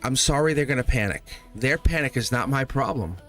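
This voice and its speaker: A man hosting a live tarot stream, talking straight to his viewers in an animated way and laughing often. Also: mid-range voice, fairly quick, faint music behind.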